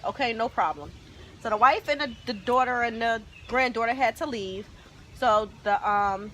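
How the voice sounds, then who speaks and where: A woman telling a story on her vlog, animated and dramatic, acting out loud quotes. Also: fairly high pitch, slight background noise. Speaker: vlogger.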